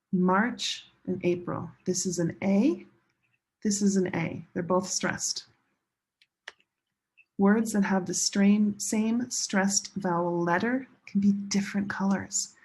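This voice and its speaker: A woman teaching English pronunciation in a classroom lesson, slowly modeling each word and stressing syllables with care. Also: medium pitch, darkish tone. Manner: slow, deliberate modeling of words with clear stress.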